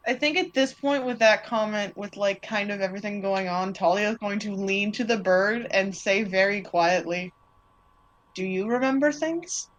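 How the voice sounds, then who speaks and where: A woman player describing her character's actions in a tabletop role-playing game in a measured way. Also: mid-range voice, highs cut off. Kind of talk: tabletop role-play narration.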